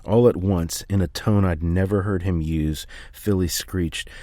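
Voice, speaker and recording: A man reading a first-person memoir aloud in a steady, measured way. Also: sits low, no room sound. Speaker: audiobook reader.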